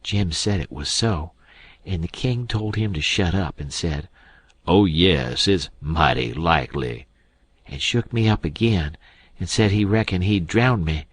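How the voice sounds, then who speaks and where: A man's voice: sits low, normal speed, husky, no room sound. A man narrating an audiobook in a plain, folksy first-person voice.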